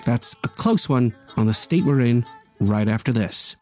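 A man hosting a public radio program, narrating from a script. His pitch sits in the middle range and his delivery is measured and polished, with faint music underneath. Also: mellow. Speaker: radio host.

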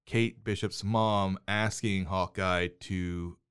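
This father chats casually about movies and TV with his son on their movie podcast, teasing, bossing him around, and laughing often. His slow, steady voice sits low yet sounds fairly bright, clear, and resonant. The middle-aged man speaks into a studio mic while wearing headphones.

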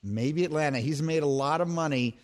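A man's voice: on the high side, a little fast. A man hosting a sports call-in radio show, bantering playfully and teasing in a game-show manner.

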